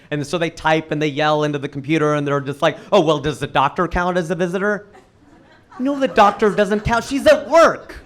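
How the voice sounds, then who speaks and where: A man doing a stand-up comedy set for a live audience, firing off quick punchlines with sudden leaps in pitch. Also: fairly bright tone. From United States. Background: audience laughter.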